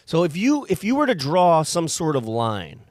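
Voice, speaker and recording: A man's voice: on the high side, wildly swooping pitch, moderate pace, darkish tone, dry recording. A man co-hosting a podcast from upstate New York, joking casually and swearing as he talks. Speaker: podcast co-host. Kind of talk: casual chat.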